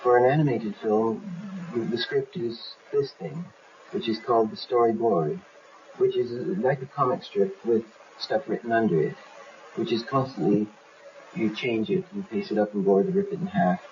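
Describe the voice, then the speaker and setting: A man who works as an animator explains his film in a documentary, lively and acting out scenes as he goes. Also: lowish voice, normal speed. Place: animation studio. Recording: dull 1970s documentary audio with faint hiss.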